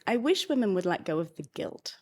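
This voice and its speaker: A woman with a Canadian accent talks as a guest on a podcast. She tells her stories in a chatty way and laughs easily. Her voice sits at an ordinary middle pitch. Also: very animated, fairly quick, darkish tone. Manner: chatty storyteller, laughs often. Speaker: author and guest. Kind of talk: podcast interview.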